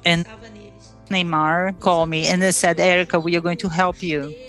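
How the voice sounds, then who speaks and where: A woman's voice: lowish voice, little pitch movement, moderate pace, fairly bright tone, faint music behind. A Brazilian woman, a Portuguese native speaker, telling her own story with feeling and acting out the dialogue as a former player. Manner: emotional storytelling with quoted dialogue. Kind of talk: recounted personal story.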